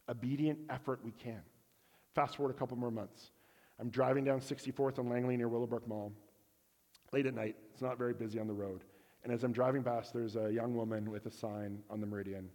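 A man's voice: medium pitch, steady tone, a little fast, mellow, long reverb tail. A man telling a personal story in a sermon, candid and self-deprecating, acting out bits of dialogue. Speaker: preacher. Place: church.

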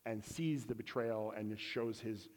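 A man's voice: lowish voice, steady tone, a little slow, a little mellow, big-room sound. A man telling a personal story in a sermon, candid and self-deprecating, acting out bits of dialogue. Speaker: preacher. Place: church.

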